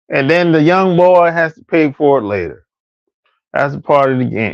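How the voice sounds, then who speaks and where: A man rants in a casual, profane, repetitive way, his fairly high voice swooping across an extremely wide range. The recording sounds dull and lo-fi, dry with no room echo. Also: big pitch swings, unhurried, pauses often. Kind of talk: casual rant.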